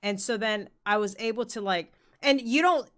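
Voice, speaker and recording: A woman's voice: on the high side, moderate pace, fairly bright tone. A young woman co-hosting a podcast in casual chat, talking candidly, swearing freely and leaning on "like" a lot. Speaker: podcast co-host.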